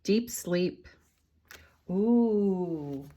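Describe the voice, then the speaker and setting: A middle-aged woman giving a daily tarot card reading, unhurried and gentle, often laughing softly. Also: fairly low pitch, lively intonation, highs cut off. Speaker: tarot reader and channel host.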